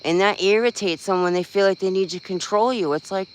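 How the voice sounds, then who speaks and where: A man's voice: sits high, a little fast, hardly any pauses, slight background noise, poor audio. A man chatting casually on a livestream, venting bluntly, swearing freely and rambling with lots of fillers. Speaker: livestream host. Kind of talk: casual live-stream chat.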